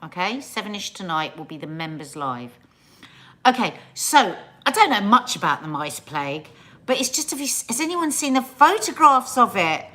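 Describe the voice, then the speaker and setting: A woman's voice: medium pitch, very animated, moderate pace, sharp tone. A middle-aged woman hosts a casual live stream. She chats loosely with her viewers, drifting between topics. Now and then she stretches out their names in a playful sing-song greeting. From England.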